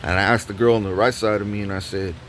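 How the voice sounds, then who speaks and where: A man's voice: lowish voice, steady tone, quick pace, fairly bright tone, slight background noise. Profane, rambling man telling a story. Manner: profane, rambling, many restarts. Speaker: vlogger. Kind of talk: ranting story vlog.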